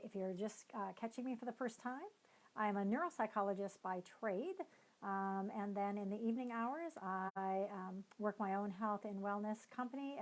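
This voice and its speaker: A woman coaching team leaders on a live stream. She talks in a loose, conversational way and explains as she goes, leaning on hedging fillers. Her voice sits at an ordinary middle pitch. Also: darkish tone, rough recording. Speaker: neuropsychologist and team-building coach. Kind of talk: live-streamed motivational talk.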